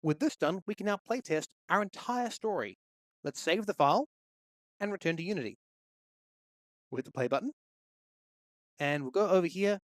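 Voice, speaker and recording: A man's voice: sits high, animated, normal speed, pauses often, dry recording. A man walking through a game development tutorial, explaining each step steadily into a close microphone. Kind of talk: screen-recorded tutorial.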